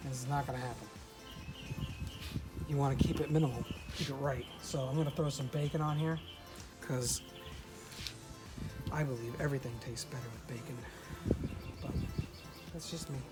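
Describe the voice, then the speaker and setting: A presenter giving a relaxed outdoor cooking demonstration at a pizza oven, often pausing with "uh" and restarting phrases. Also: mid-range voice, poor audio. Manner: relaxed, many "uh" fillers and restarts. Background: loud background music.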